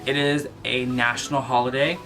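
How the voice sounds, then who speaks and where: A man vlogger telling a casual storytime about his pet, animated and full of exclamations. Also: mid-range voice, normal speed, faint music behind. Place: at home with his cat.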